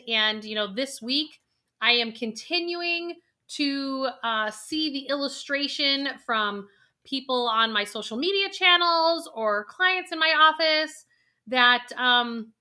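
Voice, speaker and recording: A middle-aged woman, a financial planner, hosting a vlog and coaxing viewers through a guided emotional exercise, energetic in places and slow and soft on repeated affirmations. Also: on the high side. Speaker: financial planner and video host.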